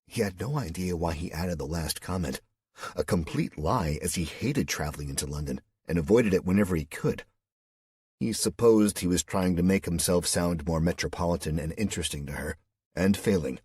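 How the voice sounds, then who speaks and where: A man reads an audiobook in a steady, measured way. His voice is very low with a husky grain. The recording is close and dry, without room sound. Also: no echo. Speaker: audiobook narrator. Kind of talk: scripted narration.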